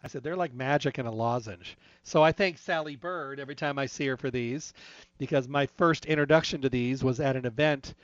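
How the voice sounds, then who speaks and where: A man's voice: mid-range voice, dry recording. A man chats casually about health, spinning anecdotes and acting out the back-and-forth of conversations. His voice sits in a middle range. The recording is dry and a little dull, like modest lo-fi gear. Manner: chatty, storytelling with retold dialogue. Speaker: health talk speaker. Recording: dry, slightly dull lo-fi sound.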